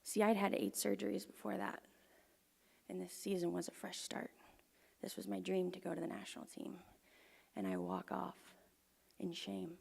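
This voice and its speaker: A young woman telling a personal story live on stage to an audience, earnest and often dropping to a hushed near-whisper. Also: medium pitch, expressive, normal speed, creaky, long pauses, husky. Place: performance venue with audience. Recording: long hall reverb.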